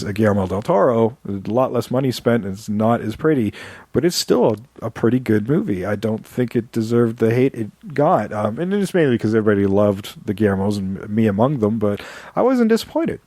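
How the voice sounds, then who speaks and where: A man co-hosting a podcast in relaxed, casual chat, laughing often and reading out show plugs. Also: lowish voice, no room sound. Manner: easygoing, laughs often, fillers and restarts. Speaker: podcast co-host.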